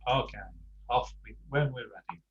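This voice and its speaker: A man's voice: mid-range voice, normal speed. An older man leading a language class over a video call, hesitant and full of ums. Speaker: course tutor. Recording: dull video-call audio.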